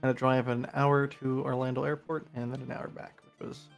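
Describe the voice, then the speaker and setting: A man's voice: medium pitch, brisk, creaky, faint music behind. Tired young man from New Jersey. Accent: New York. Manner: rambling, animated when telling stories. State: tired from little sleep. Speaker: guest player. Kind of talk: casual chat.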